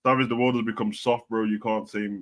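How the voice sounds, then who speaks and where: A man's voice: lowish voice, flat delivery, quick pace. A man hosting a casual live stream, reading out chat comments in a blunt, profane, heavy way. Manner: blunt, profane, slangy, swings between loud and quiet.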